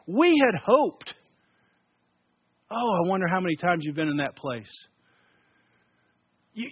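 High-voiced emphatic male pastor. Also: husky, no room sound, dull audio. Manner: emphatic, shifts between loud and soft, repeats words. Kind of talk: sermon.

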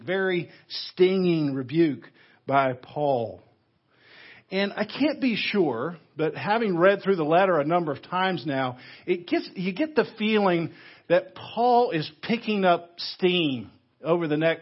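A male pastor preaching a sermon, animated, acting out outrage with sudden loud bursts. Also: fairly high pitch, muffled recording. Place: church sanctuary.

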